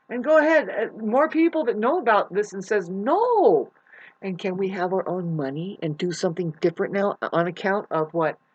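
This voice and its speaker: A woman vlogging a rambling spiritual monologue, swearing often, restarting her sentences, and swinging between loud outbursts and hushed asides. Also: mid-range voice, breathy edge, muffled recording. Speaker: astrology vlogger.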